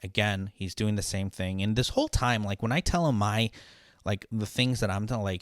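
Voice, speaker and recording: A young man with a lowish voice vents about a run-in at his job, swearing often and restarting his sentences as he acts out both sides of the exchange. The recording is dry and close, with no room sound at all. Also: brisk, no echo. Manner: frustrated, profane, rambling with restarts and quoted exchanges. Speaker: podcast host, line cook. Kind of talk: casual storytelling rant.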